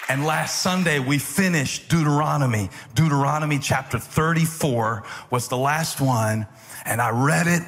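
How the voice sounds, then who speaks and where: A male pastor telling a joking family story in a sermon, building from easy banter into loud, emphatic preaching. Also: medium pitch. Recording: echoey hall reverb.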